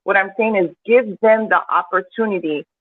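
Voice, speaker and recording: A woman's voice: mid-range voice, moderate pace, soft background music. A woman guest in a podcast discussion, speaking with raw emotion and heavy swearing. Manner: impassioned, profane, rising in intensity. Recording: tinny phone-like call with faint hiss.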